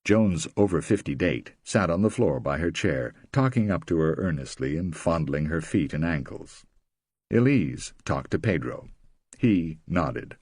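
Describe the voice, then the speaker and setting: Husky deep-voiced male audiobook narrator, expressive delivery, dry. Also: no echo. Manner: lively, expressive. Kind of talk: scripted narration.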